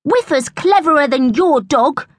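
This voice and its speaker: A woman's voice: high-pitched, expressive, unhurried, no echo, clean studio sound, pitched above the performer's own voice. Woman doing a scoffing, cheeky schoolboy. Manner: scoffing, unimpressed.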